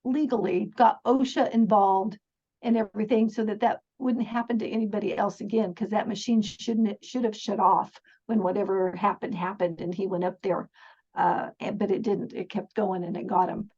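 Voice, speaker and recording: A woman's voice: medium pitch, fairly even intonation, moderate pace, a little mellow, slightly rough. A middle-aged woman telling stories as a podcast guest in an earnest, chatty way, often laughing and restarting her sentences. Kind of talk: casual storytelling interview. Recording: dull lo-fi sound.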